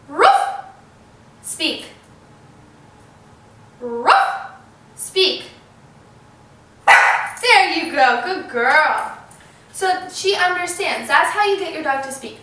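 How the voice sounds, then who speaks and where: High-voiced woman training her dog. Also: pushed and bright. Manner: slow, patient, calling short commands to her dog. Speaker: dog trainer and channel host. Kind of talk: casual dog-training tutorial. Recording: echoey room, mic far off, faint dog noise.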